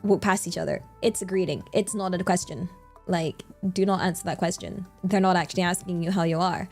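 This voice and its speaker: A woman's voice: lowish voice, steady tone, a little fast, a little mellow, soft background music. A young woman with a British accent chatting casually on her livestream, rambling through lots of fillers and laughing often. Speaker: streamer.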